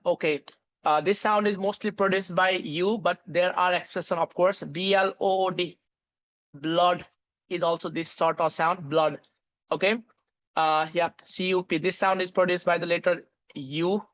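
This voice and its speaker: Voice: mid-range voice, a bit bright, highs cut off. A teacher giving an online English pronunciation lesson, spelling out words letter by letter with many fillers and restarts. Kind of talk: online lecture.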